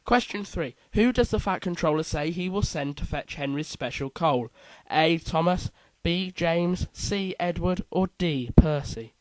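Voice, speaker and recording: A quiz host with a slightly high, animated, somewhat mellow voice reads out multiple-choice options, tossing in playful asides. He talks a little slowly with few pauses, and the rough recording has no room sound.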